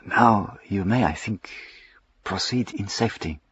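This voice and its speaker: A man voicing a suave gentleman highwayman with a French accent, polite, ironic and commanding, in an audiobook reading. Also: unhurried, husky, dull audio, full character voice. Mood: faint.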